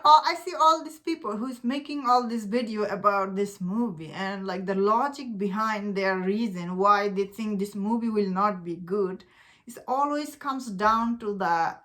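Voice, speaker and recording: A woman's voice: mid-range voice, fairly bright tone. A woman giving casual opinion commentary on a film as a movie blogger, chatty, with lots of filler words and frequent laughter.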